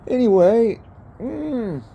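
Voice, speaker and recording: A man's voice: very high voice, expressive, slow pace, vocal fry, slightly rough, dull audio. Rambling, profane older man. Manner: profane, rambling, keeps saying bro and man. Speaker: vlogger. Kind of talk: casual rambling monologue. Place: outdoors by a fire.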